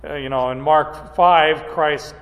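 Male Bible teacher, very deliberate pace, halting with "uh" pauses, fairly high voice. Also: steady tone, a bit bright, big-room sound. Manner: unhurried, with frequent "uh" pauses and restarts. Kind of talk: verse-by-verse Bible lecture.

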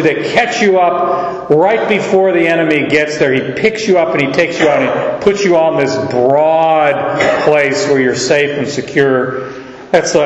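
A man preaching a verse-by-verse sermon as pastor, teaching slowly and haltingly, often repeating his words. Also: fairly high pitch, slight background noise. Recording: echoey hall, dull sound.

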